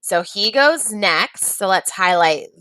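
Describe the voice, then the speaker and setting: A woman teaching a reading lesson, pausing to ask the class encouraging questions. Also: medium pitch, expressive, pushed and bright, no room sound.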